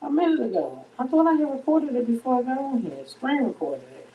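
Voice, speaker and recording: A middle-aged woman hosts a casual kitchen livestream while cooking, speaking bluntly, heatedly and with lots of swearing. Her high voice swings widely in pitch at a brisk pace. She sits a bit off-mic, far away, with phone-quality sound.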